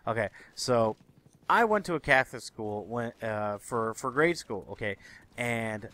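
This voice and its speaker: A young man ranting through his everyday stories in a profane, exasperated, animated way, talking straight to his viewers. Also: mid-range voice, a little slow. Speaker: commentary vlogger. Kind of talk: ranting storytelling monologue. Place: Chicago area.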